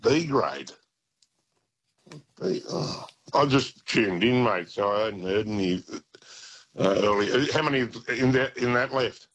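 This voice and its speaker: A friendly Australian man calling in to a radio quiz who chats easily with the host and calls him mate. His voice has a husky edge, at an ordinary pitch. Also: expressive, slow, long pauses, fairly bright tone, rough recording. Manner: friendly, chatty, says mate. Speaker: radio caller. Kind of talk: quiz contestant on the phone.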